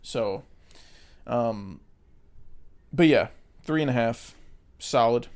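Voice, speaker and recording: A man's voice: mid-range voice, slow, a little mellow. A man with an American accent co-hosting a film podcast in casual chat, rambling with lots of fillers and casual swearing. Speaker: podcast co-host.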